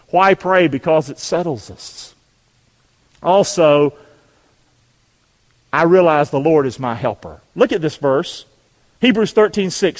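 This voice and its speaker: Preacher, high voice, call-and-response sermon with shouted peaks, long church reverb. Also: male voice, lively intonation, normal speed, long pauses. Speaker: pastor.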